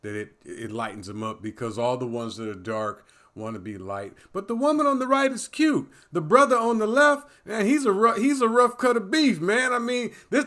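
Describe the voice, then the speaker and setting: A man riffing in casual reaction commentary, his voice sitting a little high. He rambles, stumbles over restarts and keeps tacking "man" onto his phrases. Loud, lively bursts drop suddenly into low mutters. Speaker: commentary vlogger.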